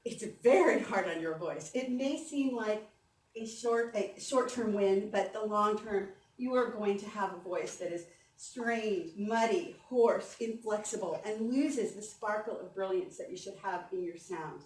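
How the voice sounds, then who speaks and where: A woman voice coach giving an animated, encouraging conference workshop and leading the audience through exercises. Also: medium pitch, unhurried. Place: conference hall. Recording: echoey hall, mic from a distance.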